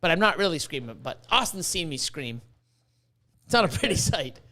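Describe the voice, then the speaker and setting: A man on a podcast telling stories in a casual, excitable way, swearing freely and acting out what people said. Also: a little high, normal speed. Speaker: podcast guest. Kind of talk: casual storytelling.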